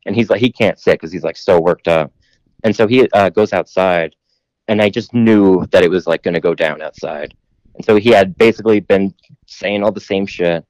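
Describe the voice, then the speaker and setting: Rambling low-voiced man telling a story. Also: normal speed, a little mellow, dry recording. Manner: rambling, heavy use of "like", casual swearing. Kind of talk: casual storytelling chat.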